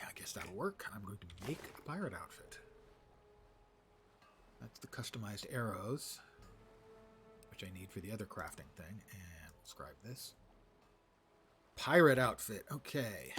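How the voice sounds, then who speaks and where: A man's voice: fairly low pitch, animated, a little slow, pauses often, a bit bright, slight background noise. A man streaming an online game live, narrating his play with wry muttered asides.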